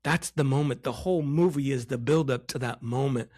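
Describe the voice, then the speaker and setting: Guy talking business on his podcast, mid pitch, gets loud then drops quiet for emphasis. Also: brisk. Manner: animated, varies pitch and loudness for emphasis. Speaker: podcast host, loan officer. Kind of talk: solo podcast advice talk.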